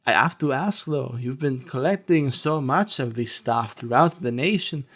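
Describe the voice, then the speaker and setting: A man's voice: mid-range voice, expressive, moderate pace, a bit bright. A man voicing a prim, nosy older lunch lady with a wavering put-on accent. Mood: curious. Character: prim older female lunch lady, secretly a wired informant.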